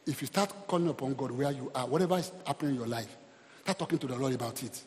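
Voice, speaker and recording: A man's voice: medium pitch, fast talker, a little hiss or hum. A man preaching a sermon as pastor, calling out praise and exclamations to the congregation. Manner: preaching with call-and-response exclamations. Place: church hall. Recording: long hall reverb.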